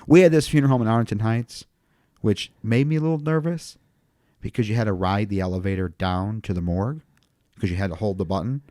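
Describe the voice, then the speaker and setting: A man's voice: lowish voice, a little fast, dark tone, dry recording, studio quality. A man, a funeral home owner, chatting casually on a podcast and telling rambling stories with plenty of swearing. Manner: profane, rambling storyteller.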